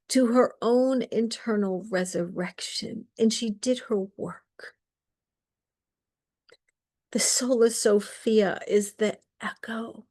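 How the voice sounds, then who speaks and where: Softly whispering woman preaching slowly. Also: medium pitch. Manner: soft, slow and often whispering, tearful at times. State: tearful. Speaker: reverend leading a women's service. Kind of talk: spiritual sermon.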